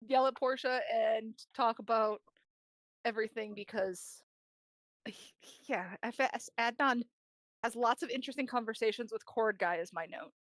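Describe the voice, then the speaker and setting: High-voiced woman recapping a tabletop game. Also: dry recording. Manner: laughing, rambling, quoting players in quick asides. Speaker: game master.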